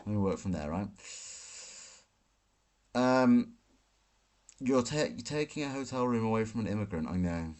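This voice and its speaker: A brash man rants through a live Q&A stream, swearing freely as he fires back at chat questions. His voice sits a little low for a man. He streams from a hotel room. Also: lively intonation, a little slow, pauses often, a little mellow. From Britain. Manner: brash, profane ranting. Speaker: livestream host.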